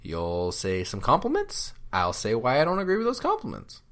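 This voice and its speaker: Sarcastic self-mocking husband, lively pitch. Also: male voice, moderate pace. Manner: sarcastic, self-deprecating, mock-dramatic. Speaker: podcast co-host. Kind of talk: casual banter with spouse.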